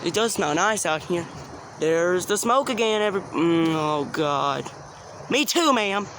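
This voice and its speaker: A man's voice: high voice, animated, unhurried. A man vlogging outdoors into a handheld phone, jumpy and exclaiming, with lots of swearing. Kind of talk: casual vlog commentary. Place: outdoors at night during fireworks. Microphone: handheld phone camera. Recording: noisy outdoor phone recording.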